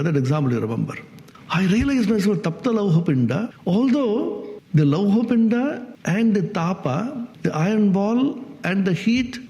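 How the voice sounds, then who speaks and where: Man, spiritual teacher, lively swooping pitch, mellow tone, asks the audience questions. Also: vocal fry, long reverb tail. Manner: questions the audience, acts out everyday speech. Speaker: swami teaching Vedanta.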